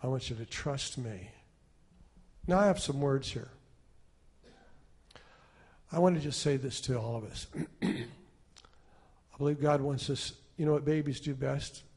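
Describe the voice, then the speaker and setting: A male pastor preaching a sermon, telling stories and shifting between loud emphasis and quiet asides. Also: medium pitch, a little slow, pauses often, husky.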